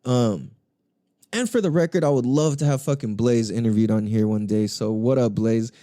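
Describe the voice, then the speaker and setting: A man's voice: medium pitch, moderate pace, dark tone, dry recording, studio quality. A young man hosting a podcast, telling music stories in a loose, profane, enthusiastic way with lots of slang and laughter. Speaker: podcast host. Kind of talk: casual solo podcast talk.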